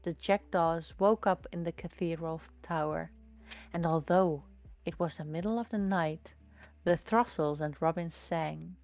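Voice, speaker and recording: A woman reading a storybook aloud in a slow, lilting, expressive way. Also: low voice, soft background music.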